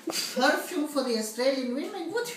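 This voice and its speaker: A woman's voice: sits high, moderate pace. A woman playing a flustered migrant woman in an immigration interview, talking in broken English full of mix-ups. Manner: broken English, malapropisms, excitable, giggly. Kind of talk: comedy sketch. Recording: roomy echo, distant mic, faint noise.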